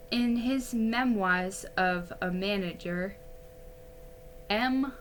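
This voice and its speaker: A woman narrating a classic ghost story aloud in an unhurried storytelling manner, with a few slips and restarts. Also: medium pitch, a bit bright, slight background noise. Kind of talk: reading a classic novel aloud.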